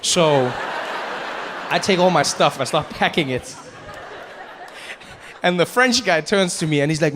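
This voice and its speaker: A man doing stand-up storytelling, animated, often breaking off and restarting. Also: unhurried, pauses often, big-room sound, a little hiss or hum. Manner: animated, many self-interruptions, jumps into high voices. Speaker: stand-up comedian.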